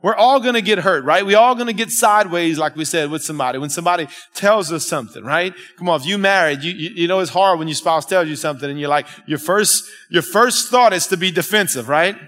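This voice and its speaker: A man's voice: sits high, quick pace, few pauses, fairly bright tone. A man preaching a sermon at a church service, emphatic and calling out to the congregation. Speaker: pastor. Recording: long reverb of a church hall.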